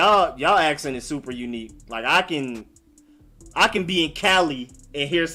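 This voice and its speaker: With a slightly high voice that sounds pushed and bright, this Maryland-born, Atlanta-raised young man runs a casual live stream. He responds to viewers loosely and slangily, leaning heavily on "like" and "y'all."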